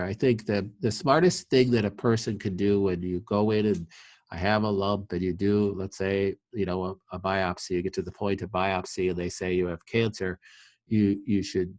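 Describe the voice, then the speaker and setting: A man's voice: low voice, fairly even intonation, moderate pace, a little mellow, dry recording. A man, a clinic doctor, answering viewer questions in a live webinar, giving earnest, emphatic advice with frequent fillers.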